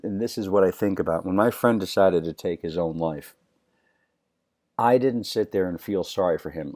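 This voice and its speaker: Blunt, swearing man with a dark voice. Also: lowish voice. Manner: raw, blunt, swears freely, halting restarts. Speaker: motivational speaker. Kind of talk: personal motivational talk.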